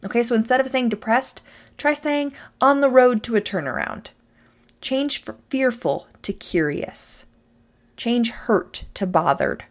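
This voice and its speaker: A woman's voice: a little high, unhurried. A woman giving a motivational talk, speaking emphatically and addressing listeners directly.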